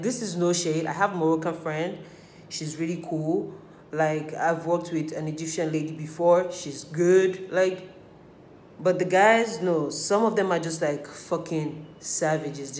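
A woman's voice: low-pitched, darkish tone. A woman telling stories in casual chat while doing her makeup, candid and full of swearing and acted-out quotes. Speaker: beauty vlogger. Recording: echoey room, faint hiss.

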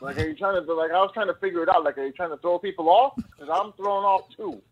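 High-voiced man on a tinny phone line. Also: fast, a little hiss or hum. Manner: chatty, rambling, piles up examples. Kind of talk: casual live-stream chat.

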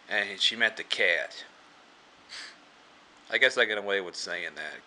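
A man casually retelling a movie's plot for a review, rambling with many fillers and restarts and often clearing his throat. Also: low-pitched, fairly even intonation, normal speed, pushed and bright.

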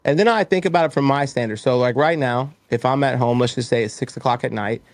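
A man on a casual podcast, telling animated stories and acting out little exchanges in quoted voices. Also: mid-range voice, fast talker. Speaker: guest, roofing company owner.

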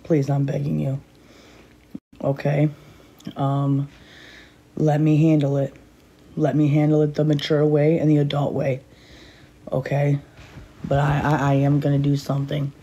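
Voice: medium pitch, monotone, a little slow, pauses often, mellow, breathy edge, muffled recording. A streamer in an unscripted live stream on a phone, tense and angry but holding it in, talking in repetitive pleading phrases and often asking "okay?".

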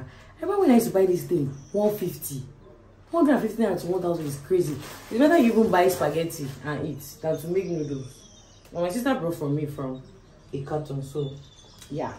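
A woman's voice: sits low, warm tone, a little hiss or hum, poor audio. A young Nigerian woman with a Nigerian accent, chatting casually to camera at home in a vlog, joking about being broke. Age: young adult. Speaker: vlogger. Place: at home, indoors.

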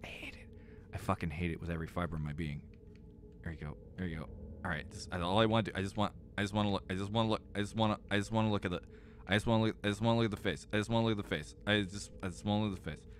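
A young man streaming a game and talking to his viewers, exasperated and swearing often, swinging from loud outbursts to low mutters. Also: fairly even intonation, rapid-fire, a little hiss or hum. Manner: exasperated, swears a lot, repeats himself when frustrated. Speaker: gaming streamer. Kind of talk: live gameplay commentary.

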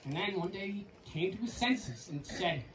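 A woman narrating a parable on a theater stage in a quick, quiet storytelling manner. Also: mid-range voice, lively intonation, recorded from a distance. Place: outdoor quarry stage. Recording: echoey open-air stage from afar, music.

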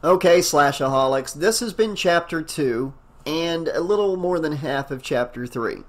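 A male audiobook narrator with a voice that is wearing hoarse. He reads the story aloud and then slips into loose, enthusiastic talk, full of ums and asides. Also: fairly high pitch, expressive, measured pace. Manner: rambling, enthusiastic, many fillers. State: hoarse, losing his voice. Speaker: audiobook narrator and channel host. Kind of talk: audiobook narration and casual commentary.

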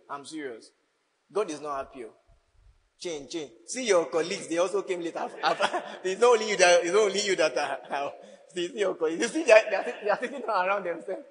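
Pastor preaching, high voice, jokey and teasing, big echoey church hall. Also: male voice, a bit bright. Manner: teasing and playful, laughing often. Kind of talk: sermon.

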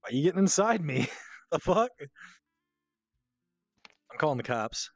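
A rowdy voice joking around in a virtual chat room, swinging wildly up and down in pitch. It laughs, swears and plays up fake outrage at the others, with faint music somewhere behind. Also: sing-song, normal speed, gravelly, no room sound, muffled recording. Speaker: VR chat player. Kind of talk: casual group banter.

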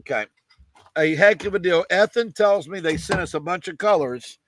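A man running a live auction, calling prices in a rapid chant with repeated numbers and coughing now and then. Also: sits high, lively intonation. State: coughing, choked up. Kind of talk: live online auction selling.

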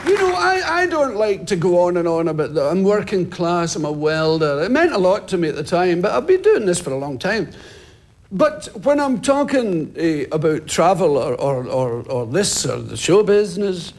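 A man in his fifties tells stories in a TV interview, his high voice leaping all over the place as he shouts out impressions of passers-by. An audience laughs along in the background, and there is some noise on the recording. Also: moderate pace, a faint crowd. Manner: lively, swings into loud shouted impressions of people. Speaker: comedian interviewee. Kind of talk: animated storytelling in a TV interview.

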